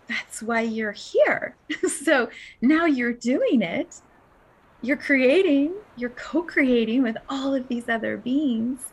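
Dreamy, breathy spiritual podcast woman. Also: high voice, rough recording. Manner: breathy, dreamy, laughing often, slipping into whispers. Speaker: podcast host.

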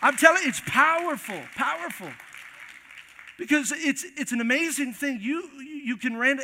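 A man's voice: extremely high pitch, big pitch swings, normal speed, sharp tone, in a large hall, a faint crowd, slight background noise. A man preaching a sermon as pastor, emphatic and repeating key phrases while talking straight to the congregation in a church. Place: church sanctuary.

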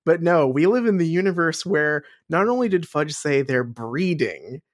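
A woman co-hosts a podcast in loose, rambling chat, laughing often and cursing freely. Her voice sits on the low side but swings widely in pitch. The sound is close and dry. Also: animated, normal speed, dry recording. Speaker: podcast co-host. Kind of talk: casual chat.

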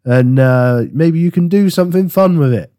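A man's voice: on the high side, normal speed, mellow, dry recording, studio quality. A man from England hosting a podcast in casual chat, jokey and teasing, with a cold that makes him a bit nasal. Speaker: podcast host.

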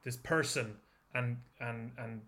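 A man playing in a tabletop game, describing his character's moves in a casual, halting way. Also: medium pitch, fairly even intonation, pushed and bright. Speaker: player. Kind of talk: casual role-play.

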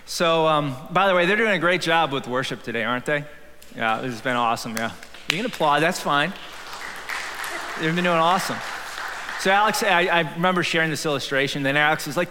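Male pastor preaching live, chatty and jokey, with a tense, bright tone in an echoing sanctuary. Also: on the high side, fairly quick, some chatter behind, slight background noise. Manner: humorous, conversational preaching with bursts of shouting. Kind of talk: sermon. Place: church sanctuary. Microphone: handheld or headset microphone. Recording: live hall reverb.

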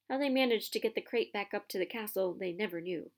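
A woman reading a children's novel aloud with expressive storytelling. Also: medium pitch, fast.

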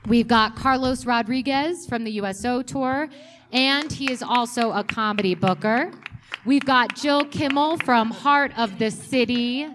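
A woman moderating a comedy festival panel, reading introductions in a clear, upbeat way. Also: a little high, unhurried, fairly bright tone, faint music behind. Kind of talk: hosting a panel.

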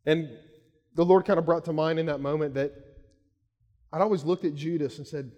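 Pastor preaching in a reverberant hall. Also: male voice, a little high, fairly even intonation, moderate pace, pauses often. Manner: conversational storytelling, shouts when acting out quotes. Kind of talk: sermon.

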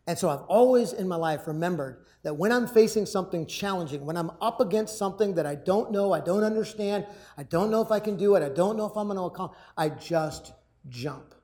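This public speaker talks fast in a high voice, with few pauses, as he motivates a live audience. Full of energy, he recounts a personal story, shouts out acted lines, and repeats his words a lot.

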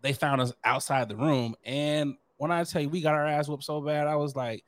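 A young man co-hosting a podcast in casual chat, animated, laughing often and acting out quotes. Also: on the high side, moderate pace, no echo. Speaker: podcast co-host.

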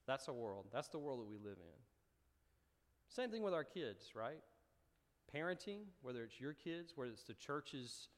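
Speaking in a mid-range voice, a male pastor tells stories during his sermon, his emphasis rising with animation. Long reverb surrounds him, as though he stands at the front of a large hall.

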